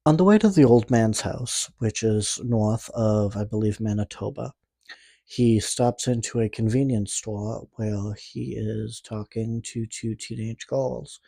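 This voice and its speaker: A man's voice: on the low side, takes it slowly, vocal fry, dark tone, dry recording. A man from Canada with a speech impediment, recapping a horror movie in a casual, rambling way, with sarcastic, profane asides. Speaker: movie reviewer.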